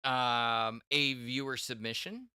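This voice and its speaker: A man's voice: medium pitch, slow, sharp tone, smooth, dry recording, clean studio sound. A middle-aged man hosting a casual tech chat, rambling with many restarts and fillers. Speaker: podcast host.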